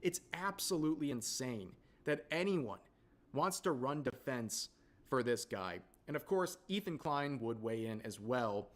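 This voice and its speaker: Outraged male commentary host. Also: mid-range voice. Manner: outraged, addresses viewers as ladies and gentlemen. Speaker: online commentary video host. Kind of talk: scripted commentary narration.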